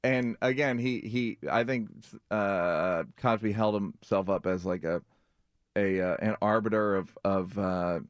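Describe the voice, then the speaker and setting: Low-voiced man telling animated stories. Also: a little slow, smooth, no room sound, clean studio sound. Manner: animated storyteller, fillers, acts out quotes. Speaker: comedian guest. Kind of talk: casual radio chat.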